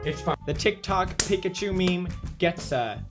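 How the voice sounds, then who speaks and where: A man hosting a comedic meme-rating show, goofy and animated, swinging from mumbling to shouting. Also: sits high, unhurried, music in the background. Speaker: YouTuber host.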